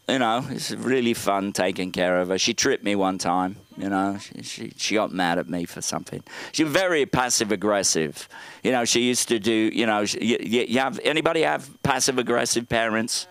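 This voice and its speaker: A man hosting a comedy show, delivering dark jokes deadpan with halting phrasing, speaking into a handheld mic on a club stage. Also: on the low side, clear, resonant tone, no room sound.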